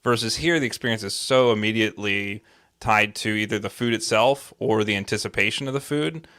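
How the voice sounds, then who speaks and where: A man's voice: fairly low pitch, brisk, sharp tone, smooth. A man co-hosting a casual podcast, tossing in wry quips. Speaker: podcast co-host. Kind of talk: casual chat.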